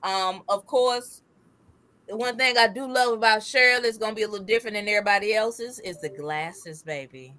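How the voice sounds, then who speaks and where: Woman, lively co-host; bright, mid-pitched, emphatic delivery. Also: a little fast. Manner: emphatic, playful slang. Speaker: movie review co-host. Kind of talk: casual chat.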